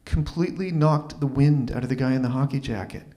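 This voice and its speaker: A man's voice: mid-range voice, fairly quick, mellow. A man performing a live open mic story, wry and self-deprecating, with stumbling restarts, into a stage microphone. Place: small arts venue stage.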